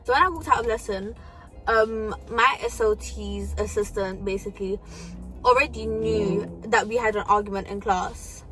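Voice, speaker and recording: A woman's voice: mid-range voice, moderate pace, a bit bright, soft background music. A young woman telling a storytime vlog in casual, slangy talk with frequent swearing and fillers. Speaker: vlogger.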